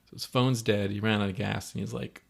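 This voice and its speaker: A man co-hosting a podcast, casually recapping a movie and acting out characters' lines in quick quoted voices. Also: fairly low pitch, steady tone, vocal fry. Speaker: podcast co-host.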